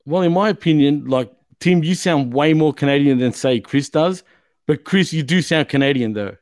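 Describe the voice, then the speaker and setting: Brief: a chatty podcast host, sweary and rambling, fairly high-pitched, recorded dry. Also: male voice, moderate pace, a little mellow, no room sound. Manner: profane, rambling, lots of "you know what I mean". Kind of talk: casual chat.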